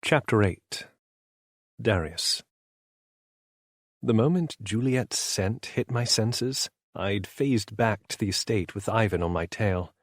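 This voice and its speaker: A man reading a romance audiobook in the first person with a smooth, self-assured delivery on a close studio mic. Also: on the low side, animated, slow pace, no echo. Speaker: audiobook narrator.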